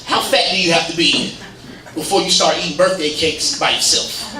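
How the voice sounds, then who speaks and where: A man performing a stand-up comedy set, telling stories in an animated way and slipping into quoted voices of his friends. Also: on the high side, normal speed. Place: legion hall stage, live audience. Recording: echoey hall, captured from a distance, noisy. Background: audience laughter.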